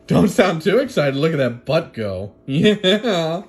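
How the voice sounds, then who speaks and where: A woman talking playfully to her husky in a casual home video, switching between sing-song greetings and low, dry asides. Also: very animated, slow pace, hardly any pauses, darkish tone. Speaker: dog owner filming her husky. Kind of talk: casual talk to a pet.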